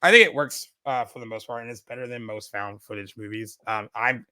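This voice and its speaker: A man talking through a film in a casual podcast chat, rambling and full of fillers. His speech runs quick and bright. The sound is dry and close. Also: mid-range voice, no room sound. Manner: rambling, many fillers and restarts. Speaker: podcast co-host.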